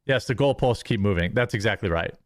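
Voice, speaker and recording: Brief: fast, animated man ranting on stream, contemptuous, dry close sound. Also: on the low side, no room sound. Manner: contemptuous, mocks critics in sneering voices. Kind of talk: ranting commentary.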